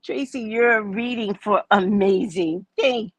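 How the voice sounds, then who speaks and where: A sarcastic woman from New York gives a tarot reading on a live stream. She talks slowly, and her pitch swings widely as she lingers on each point. Her voice is close and dry, with no room sound around it. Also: sing-song, dry recording. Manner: sarcastic, laughs at her own jokes. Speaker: psychic tarot reader.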